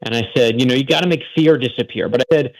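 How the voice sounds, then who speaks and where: A man's voice: mid-range voice, fast talker, low-quality recording. A man from Florida, a guest author on a radio show, telling earnest, heartfelt stories in an interview.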